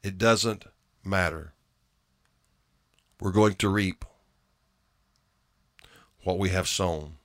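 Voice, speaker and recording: A man's voice: sits low, extremely slow, long pauses, fairly bright tone. A man preaching a sermon in an earnest way, often repeating phrases and restarting his words for emphasis.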